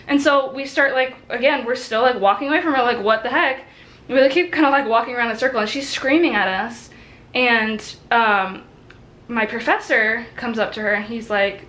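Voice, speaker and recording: A woman's voice: a little high, a little fast, fairly bright tone, rough recording. A woman in her twenties, a college student, telling a story in a casual, chatty way, with many fillers and acted-out quotes. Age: 20s.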